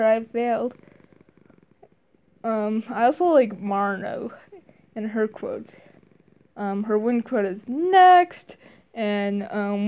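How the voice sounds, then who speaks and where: Slow, mellow-voiced hesitant woman. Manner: hesitant, many fillers and restarts; briefly mimics game character lines in higher voices. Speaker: video game reviewer. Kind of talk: casual spoken game review.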